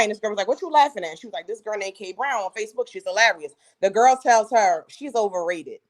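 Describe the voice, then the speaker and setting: A woman co-hosting a casual podcast chat, telling stories in a lively, slangy way. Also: mid-range voice. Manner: animated storyteller, slangy and laughing. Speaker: co-host.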